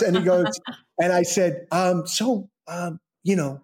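A middle-aged man, an actor, telling backstage stories in a lively way and acting out the quotes. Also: slow pace. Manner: lively storyteller acting out quotes with big pitch jumps. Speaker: actor and guest. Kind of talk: animated anecdote-telling.

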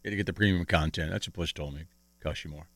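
A man's voice: deep voice, very fast, fairly bright tone, no echo. A man co-hosting a radio talk show, joking and teasing his co-hosts in casual banter. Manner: joking, teasing, laughs often. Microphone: studio microphone.

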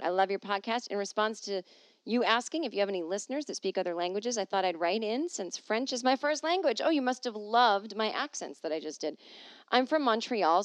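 A woman's voice: medium pitch, no echo. A middle-aged woman comedian hosting her podcast from home, chatting loosely and joking at her own expense while reading listener emails. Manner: rambling, self-deprecating, jokey asides.

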